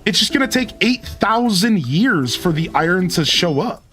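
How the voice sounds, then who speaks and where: Chatty streamer man with a lively voice. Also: high voice, moderate pace, faint music behind. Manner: chatty, talks to chat, "dude" and "like". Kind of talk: casual let's-play commentary.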